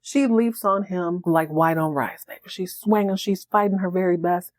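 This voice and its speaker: A woman hosting a podcast who recaps a TV episode in a comedic, animated way and laughs often. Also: lowish voice, normal speed. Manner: animated, joking, laughs a lot. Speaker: podcast host.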